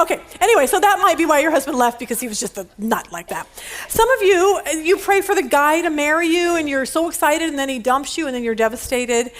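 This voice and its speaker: A woman in her fifties leads a women's Bible study with a high, light voice. She talks in a chatty way, often laughing as she tells stories. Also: expressive, fast talker. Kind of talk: teaching a Bible lesson.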